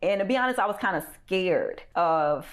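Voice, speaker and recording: A woman's voice: lowish voice, expressive, moderate pace. A woman guest recounting a painful personal story in a rambling, candid way, full of "you know" fillers and blunt profanity. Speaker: interview guest.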